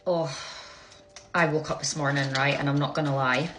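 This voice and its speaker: A woman's voice: low voice, fairly even intonation, normal speed, fairly bright tone, slight background noise, poor audio. A young woman talking candidly to camera as a parent, frank and swearing freely, often checking in with "right?". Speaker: parent vlogger. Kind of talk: candid emotional vlog to camera. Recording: music playing behind the voice.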